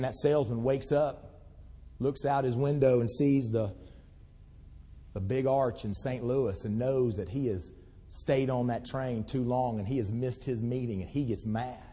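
A man preaching a sermon as a pastor, telling folksy stories and swinging from loud outbursts to hushed pleading. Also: medium pitch, fairly even intonation, measured pace, breathy edge. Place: church sanctuary. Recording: long hall reverb.

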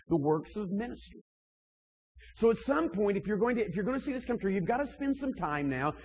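A man preaching to church leaders, emphatic, swinging between loud pushes and quieter asides, with frequent restarts. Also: sits high, husky, low-quality recording. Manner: emphatic, rising and dropping in volume, frequent restarts.

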